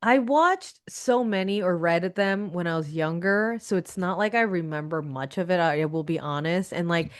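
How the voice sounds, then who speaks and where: A woman in her thirties, a comic artist guest on a podcast, chatting in an animated way, laughing often and acting out reactions. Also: lowish voice, moderate pace, hardly any pauses. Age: 30s. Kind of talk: casual interview chat.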